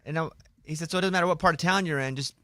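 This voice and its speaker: A man hosting a radio show, chatting casually in the studio with his co-hosts, in a relaxed conversational way. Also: a little high, very fast, dry recording. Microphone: studio microphone.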